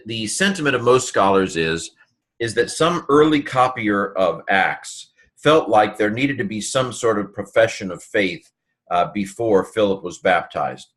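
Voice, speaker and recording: A man's voice: lowish voice, a bit bright. A man teaching a casual Greek grammar lesson on a Bible passage, talking loosely with many fillers and restarts.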